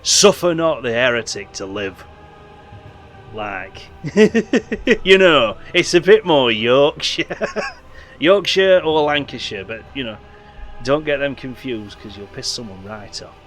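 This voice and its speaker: A man's voice: medium pitch, slow pace, soft background music. Man reading game text. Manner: relaxed, rambling, full of fillers. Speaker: host.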